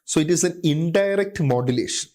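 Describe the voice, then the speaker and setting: A man's voice: fairly high pitch, animated, a little fast, darkish tone. Man teaching medicine, fond of "okay". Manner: repeats key terms, frequent "okay" and "uh" fillers. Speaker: medical lecturer. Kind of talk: clinical teaching lecture.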